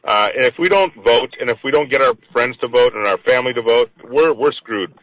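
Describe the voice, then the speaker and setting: A man on a radio show talking with urgency and enthusiasm, quick and insistent. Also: medium pitch, a bit bright, lo-fi sound. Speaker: radio guest. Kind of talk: call-in radio talk.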